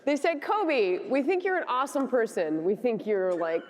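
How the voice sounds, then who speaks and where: A woman from Canada tells a story to a live audience, playful and laughing as she mimics how others spoke. Her voice sits a little high, and a long hall reverb trails every phrase. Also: very animated, moderate pace. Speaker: actress on a panel. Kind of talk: anecdote told to a live audience.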